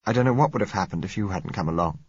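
A man's voice: low voice, animated, racing, slightly rough, dry recording, highs cut off, heavily acted. Spirited young woman, read by a male narrator, raised voice, dry and close. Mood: rueful. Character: young woman, spirited, shaken but wry.

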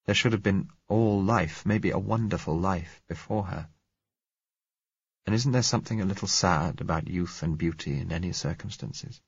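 A man narrating a novel in the first person, measured and reflective. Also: low voice, creaky, breathy edge, no echo, muffled recording.

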